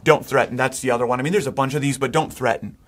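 Husky-voiced man preaching conversationally. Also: medium pitch, fairly even intonation, racing. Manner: conversational preaching with many restarts and acted-out parent quotes. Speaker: pastor. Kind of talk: sermon.

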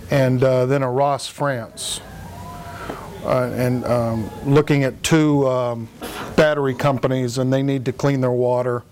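A man's voice: medium pitch, darkish tone, slight background noise. A man in his sixties talking casually at a meeting, telling a rambling anecdote with lots of ums and uhs. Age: 60s. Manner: rambling storyteller with frequent fillers and laughs. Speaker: speaker at a political meeting. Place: hotel meeting room.

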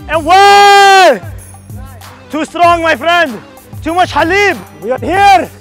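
A very high, hyped-up baller with a put-on Arabic-flavored accent, as a young man plays the character, calling everyone "my friend" in broken English. He trash-talks loudly while playing on an outdoor basketball court, and faint music runs underneath. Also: lively intonation, unhurried, full character voice. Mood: boastful. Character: boastful Arab baller tourist, man, young adult. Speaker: YouTuber.

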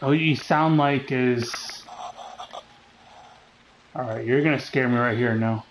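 A man's voice: medium pitch, slow, a little hiss or hum, poor audio. A man commentating as he plays a horror game, joking and teasing the game, with jumpy outbursts. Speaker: gaming channel host.

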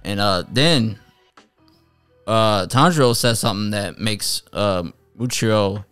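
A man's voice: on the low side, slow pace, a bit bright, clean tone, no room sound, faint music behind. A man casually reviewing an anime episode, retelling scenes in a rambling way with many fillers and restarts. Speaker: anime reviewer, channel host.

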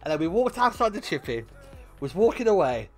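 Faint music sits behind a young man's high voice as he streams a game and briskly tells raucous stories. He's animated, swears a lot, and erupts into loud laughter.

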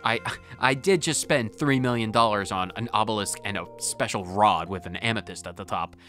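A man giving casual gameplay commentary, rambling and talking to himself, going off on tangents with sudden jumps in loudness. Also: lowish voice, moderate pace, soft background music. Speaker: gaming video host. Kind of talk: casual let's-play commentary.

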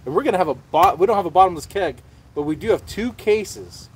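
A man's voice: high voice, lively intonation, a little fast, slight background noise. A man hosting a casual livestream, rambling and swearing freely as he chats. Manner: rambling and profane, with frequent restarts. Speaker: livestream host.

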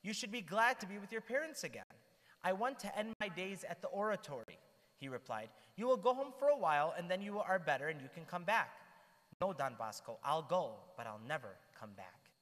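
A man telling the lives of saints to a church group in an animated storytelling manner, with asides to his listeners. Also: sits high, fairly quick. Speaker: church speaker. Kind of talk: storytelling talk to a youth group. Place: church hall. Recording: long hall reverb.

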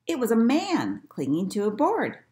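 A woman librarian reading a picture book aloud to children in an expressive storytelling manner. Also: a little high, normal speed.

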